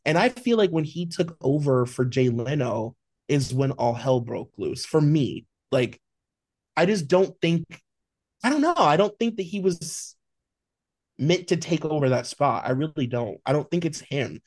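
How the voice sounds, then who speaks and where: A man's voice: fairly high pitch, sing-song, unhurried, darkish tone, no echo. Male co-host, emphatic and swearing, dry studio sound. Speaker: podcast co-host. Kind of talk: casual pop-culture chat.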